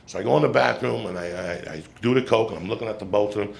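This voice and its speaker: Gravelly profane man doing stand-up. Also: on the low side, fast talker, a little hiss or hum. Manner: profane, rambling, animated storyteller. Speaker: stand-up comedian. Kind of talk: stand-up storytelling. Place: comedy club stage. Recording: live show with crowd laughing. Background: audience laughter.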